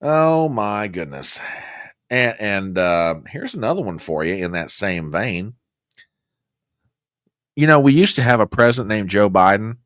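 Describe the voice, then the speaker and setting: A male host of a political commentary show who talks in an exclamatory, mocking way, swinging his pitch wildly up and down. His voice is bright and forceful. The sound is dry and close. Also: sing-song, a little slow, long pauses, no echo.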